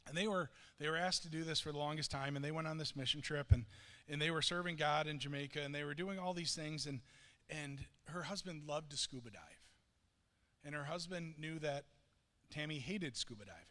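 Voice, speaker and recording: A man's voice: a little high, brisk, bright, forceful tone. A man preaching a sermon, telling a story earnestly with frequent restarts. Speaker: pastor. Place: church sanctuary. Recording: long reverb of a church hall.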